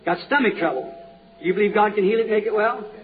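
A man's voice: high-pitched, quick pace, narrow, tinny audio, over music. Fervent preacher man on old tape. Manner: fervent, repeats questions to the crowd. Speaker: evangelist preacher. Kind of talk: healing revival sermon.

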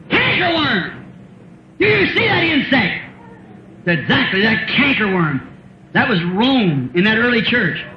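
A man's voice: very high-pitched, slight background noise. A man, preaching a sermon in a folksy way, asking rhetorical questions and chuckling often. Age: 50s. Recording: roomy, dull old sermon tape.

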